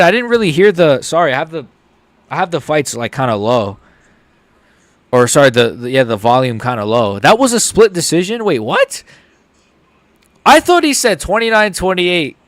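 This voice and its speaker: A young man hosting a casual live reaction stream. He swings between mumbled asides and loud, excited outbursts. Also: a little high, no room sound. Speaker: host.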